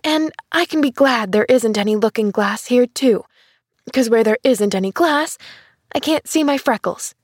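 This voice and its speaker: A woman reading a storybook, voicing an earnest young orphan girl with an eager, breathless, high voice. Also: expressive, moderate pace, breathy edge, no echo, studio quality. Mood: hopeful. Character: cheerful earnest orphan girl, around eleven.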